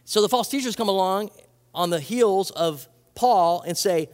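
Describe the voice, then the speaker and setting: A man preaching a sermon as a pastor, animated and conversational, acting out quoted voices and restarting his phrases. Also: high-pitched, a little slow, in a large hall.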